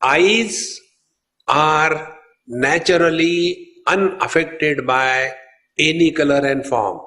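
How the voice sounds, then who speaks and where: A man's voice: fairly high pitch, takes it slowly, bright, forceful tone. A man, a swami giving a spiritual discourse, telling stories unhurriedly and addressing his listeners as friends. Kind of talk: sermon on scripture.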